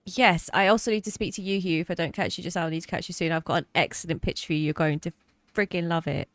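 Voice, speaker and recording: A woman's voice: on the low side, fairly even intonation, fast talker, dry recording. A woman streaming a roleplay game as an HR rep, giggling helplessly and teary from laughing. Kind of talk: live-streamed roleplay chat.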